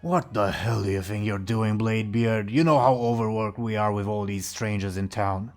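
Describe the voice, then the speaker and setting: A man voicing an angry male tavern bruiser, a gruff thug who barks at people. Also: on the low side, moderate pace, soft background music, pitched below the performer's own voice, close to an everyday voice. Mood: exasperated grumbling. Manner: barking, irritated shouts.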